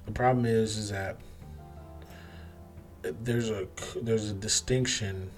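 Low-voiced man in emphatic monologue. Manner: emphatic, conversational, acts out other people's replies. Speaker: podcast host. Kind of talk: casual monologue commentary.

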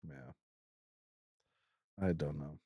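A man's voice: rumbling low, steady tone, extremely slow, warm tone, breathy edge, no room sound, clean studio sound. A man co-hosting a casual book podcast, laughing often and talking with many fillers and self-deprecating asides. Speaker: podcast co-host. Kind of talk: casual chat about a book.

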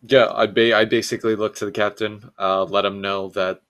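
A man's voice: lowish voice, little pitch movement, a little fast, a bit bright. A man playing a tabletop game, describing his moves in a matter-of-fact way. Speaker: player.

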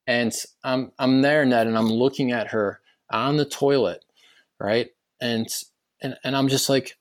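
Middle-aged man, podcast guest, earnest and emotional storytelling, repeats himself, medium pitch. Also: a little slow.

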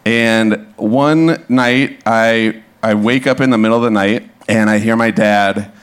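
A man in his thirties from Minnesota with a lowish, relaxed voice tells a comic story to a live crowd. He is animated and laughs along, and he acts out what people said. He is on a stage mic in a club. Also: a little slow, clear, resonant tone. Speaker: guest storyteller.

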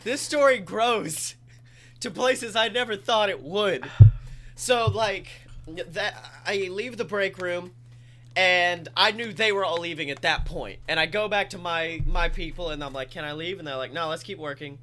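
Young male podcast host, high bright voice, animated storyteller who swears a lot. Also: unhurried, slight background noise. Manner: animated, swears freely, acts out the people in his story. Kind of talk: casual comedic storytelling.

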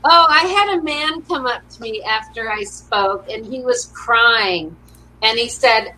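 A woman's voice: fairly high pitch, a little slow, pushed and bright, rough recording. A middle-aged woman, a motivational speaker, chatting in an interview and telling upbeat stories with quoted lines acted out. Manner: upbeat storyteller who acts out quotes. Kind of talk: casual interview conversation.

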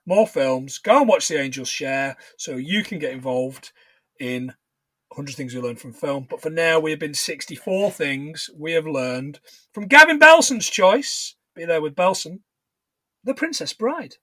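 A man's voice: a little high, animated, unhurried, bright, forceful tone, no echo. A man co-hosting a film podcast, chatting casually with playful banter. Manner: banter-heavy, playful sign-off patter. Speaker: podcast co-host.

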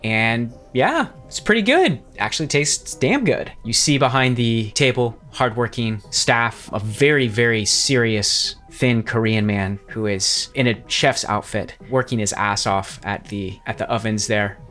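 A man's voice: mid-range voice, a little slow, hardly any pauses, a bit bright. Guy running a tabletop game, dry descriptive narration, faint music under it. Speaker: game master.

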